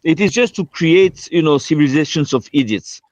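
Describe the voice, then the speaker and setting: Halting man with a slightly dull sound. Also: fairly high pitch, a little mellow. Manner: hesitant, repeats words, many fillers. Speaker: debate participant. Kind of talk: casual online debate.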